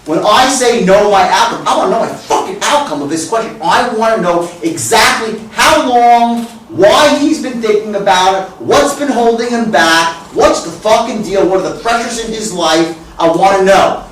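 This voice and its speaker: A high-voiced man teaches a room of salespeople, blunt and swearing freely, sometimes shouting out exaggerated sample lines. He stands well back from the mic, and his voice bounces around a very echoey room. A faint hum of room noise sits underneath. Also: moderate pace, hardly any pauses, recorded from a distance. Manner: blunt, profane, swings into loud exaggerated demonstrations. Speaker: sales trainer. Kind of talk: live sales training talk.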